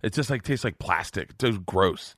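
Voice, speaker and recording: A male stand-up comedian telling a story as a podcast guest, animated and profane. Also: fairly low pitch, moderate pace, no echo, studio quality. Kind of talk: comic storytelling.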